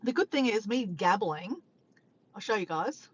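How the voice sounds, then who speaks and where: A woman's voice: medium pitch, lively intonation, measured pace, highs cut off, a little hiss or hum. A woman chatting casually on a live stream from her car by the beach, reading viewer comments, laughing and teasing playfully.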